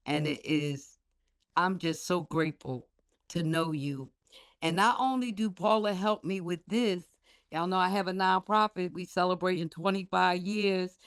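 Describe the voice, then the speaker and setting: A woman's voice: on the low side, no room sound. A woman pastor giving a heartfelt award tribute, emphatic and repetitive, with a preacher's lilt, speaking on a video call.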